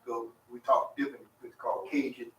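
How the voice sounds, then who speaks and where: A man's voice: mid-range voice, little pitch movement, fairly quick, sharp tone, a little hiss or hum. A man in the congregation casually explaining local sayings. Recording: roomy sound from a distant mic.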